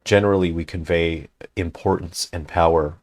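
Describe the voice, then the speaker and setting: A man's voice: low voice, fairly even intonation, normal speed. A man, a game developer, giving analytical commentary on a game he is playing, thinking aloud with many fillers. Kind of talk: gameplay commentary.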